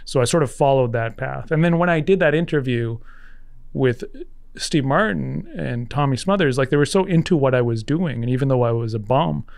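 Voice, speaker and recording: A man's voice: medium pitch, normal speed, vocal fry, darkish tone. A man from Canada in his thirties, a guest author chatting casually in an earnest, rambling way. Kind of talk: casual conversation.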